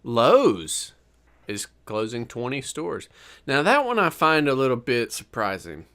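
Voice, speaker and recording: A man's voice: mid-range voice, very animated, normal speed, pushed and bright, clear, resonant tone. A man co-hosting a podcast in casual chat, rambling and hedging with lots of fillers. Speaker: podcast co-host.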